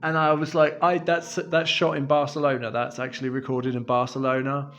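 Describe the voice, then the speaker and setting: A man's voice: medium pitch, flat delivery, brisk, a bit bright, soft background music. A middle-aged man from the UK chatting casually to camera as a vlogger, self-deprecating and laughing often.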